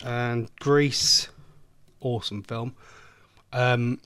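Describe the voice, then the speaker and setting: A man's voice: medium pitch, fairly even intonation, very slow, a bit bright, clean tone, no room sound, clean studio sound. An English man hosting a casual online radio phone-in, rambling and chatting, often breaking off mid-sentence. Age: adult, a former smoker. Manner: chatty, rambling, self-interrupting. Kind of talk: casual solo radio chat.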